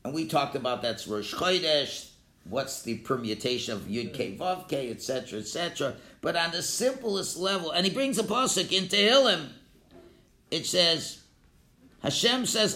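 A man giving a Torah class lecture, animated, calling out his examples loudly. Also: fairly high pitch, moderate pace. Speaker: Torah teacher. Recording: echoey room.

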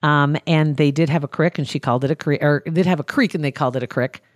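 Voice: medium pitch, fairly even intonation, very fast, dry recording, clean studio sound. A podcast host from Nebraska, chatting casually and laughing often while reading listener mail. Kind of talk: casual chat.

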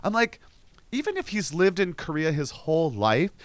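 Animated, swearing man in casual chat. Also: on the high side, moderate pace, no room sound. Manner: animated, swears freely, mimics people mid-story. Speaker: podcast co-host.

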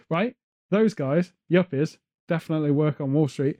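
A man hosts a podcast, chatting casually and drifting from one joke to the next. His voice sits high but sounds warm and mellow rather than sharp. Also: moderate pace. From England. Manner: rambling, joking, off on tangents. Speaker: podcast host. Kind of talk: casual chat. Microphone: headphones on, studio mic.

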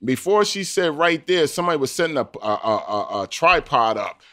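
A man who works as an armored car guard, telling his story in an interview with animated energy and acting out the voices he quotes. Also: fairly high pitch, fairly quick.

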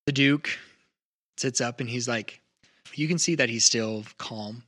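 A man narrating as game master of a tabletop game in a relaxed, rambling way. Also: mid-range voice, a little slow, pauses often.

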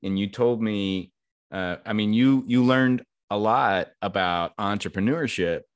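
A man's voice: fairly low pitch, measured pace, clear, resonant tone, no room sound. A man hosting an interview, asking easygoing, rambling questions. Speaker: interviewer, host. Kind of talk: casual interview.

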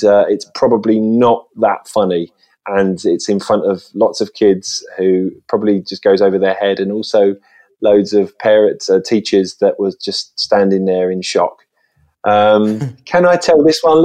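A man, a guest chatting casually and acting out lively voices in his stories. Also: lowish voice. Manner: chatty storytelling, lively voices when quoting. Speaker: guest, children's TV presenter. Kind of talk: casual interview chat.

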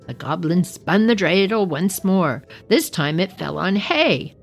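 A woman's voice: fairly low pitch, lively intonation, measured pace, breathy edge, low-quality recording. Playful woman reading a story. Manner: playful, chatty asides. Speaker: podcast storyteller. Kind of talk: reading a story aloud with casual asides.

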